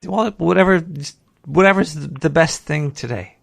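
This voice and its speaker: A man's voice: a little high, moderate pace, creaky. A man hosting a casual talk show, loose and joking, who swears freely. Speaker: podcast host. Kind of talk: casual chat.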